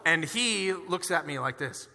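A young man preaching a sermon in a casual, animated way, telling personal stories and acting out their dialogue. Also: on the high side, measured pace, creaky, background noise. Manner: animated, conversational, acts out dialogue in his stories. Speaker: pastor. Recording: reverberant church hall.

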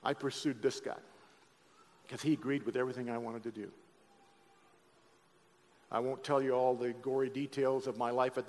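A middle-aged man giving a sermon-style testimony to an auditorium crowd, talking to them directly and swinging from hushed to loud. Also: medium pitch. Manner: conversational, addresses audience directly, shifts from hushed to loud. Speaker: speaker giving a testimony talk. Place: large auditorium. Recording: long hall reverb in an auditorium.

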